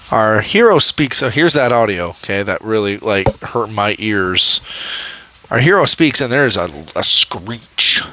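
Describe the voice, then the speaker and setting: A man's voice: mid-range voice, pushed and bright, a little hiss or hum, rough recording. A young man talking through a show episode by episode in a loose, casual way. He rambles, trips over his words and restarts, and laughs often along the way. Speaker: host reviewing a show. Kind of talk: casual commentary.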